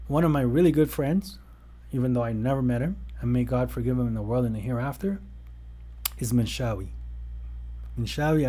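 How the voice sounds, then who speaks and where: Man, online religious service host, casual question-and-answer, mellow voice, rambling delivery. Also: medium pitch, husky. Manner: loose and conversational, trailing off and restarting.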